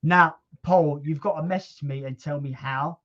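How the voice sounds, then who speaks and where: A man hosting a casual livestream chat, relaxed and chatty, with casual swearing. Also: on the high side, moderate pace, highs cut off. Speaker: livestream host.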